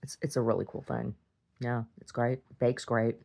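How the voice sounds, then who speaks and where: A woman's voice: extremely low pitch, fairly even intonation, moderate pace, creaky, darkish tone. A woman talking casually in a video diary, chatty and self-interrupting, laughing often. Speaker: video diarist.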